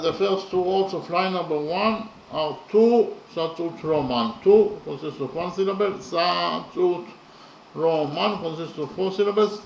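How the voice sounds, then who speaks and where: A man explaining verse slowly and methodically, counting syllables and letters aloud with many pauses. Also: high-pitched, vocal fry, reverberant, dull audio, slight background noise. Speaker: poetry lecturer. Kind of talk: methodical spoken analysis of verse.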